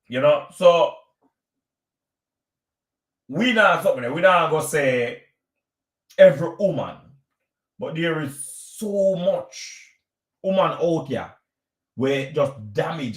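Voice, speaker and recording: Jamaican man, live-stream host, lecturing and repeating his points, a touch high voiced, roomy echo. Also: animated, takes it slowly, long pauses. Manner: preachy, lecturing, repeats himself. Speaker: vlogger hosting a live stream.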